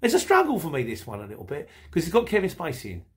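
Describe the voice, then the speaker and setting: A man's voice: fairly high pitch, huge pitch swings, fast talker. A middle-aged man hosting a podcast, chatting casually and rambling while he reads out listener messages, laughing often. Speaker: podcast host.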